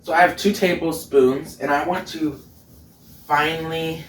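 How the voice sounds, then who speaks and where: A man's voice: on the high side, steady tone, unhurried, slight background noise. A man hosting a casual cooking vlog from his home kitchen, playful and chatty, often laughing as he talks. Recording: roomy sound from a distant mic.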